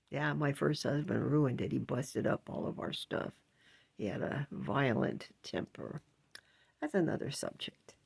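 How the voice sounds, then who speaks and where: A woman's voice: a bass voice, a little slow, vocal fry, pauses often, a little mellow, breathy edge. An older woman vlogging in a casual, rambling monologue, indignant and chatty, with frequent laughs.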